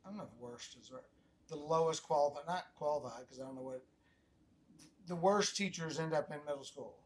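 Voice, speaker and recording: A man's voice: on the high side, fairly quick, a little mellow. A middle-aged man hosting a podcast, asking loose, rambling questions that trail off and restart mid-thought. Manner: rambling, self-interrupting questions. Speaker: podcast host. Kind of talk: casual interview chat.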